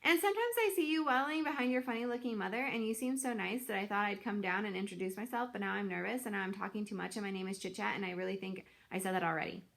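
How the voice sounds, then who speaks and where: A woman's voice: mid-range voice, fast, creaky, hardly any pauses, a bit bright. Chit Chat, a woman doing a rambling nervous squirrel. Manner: rambling, breathless chatter. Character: chatty, nervous little squirrel. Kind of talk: storybook read-aloud.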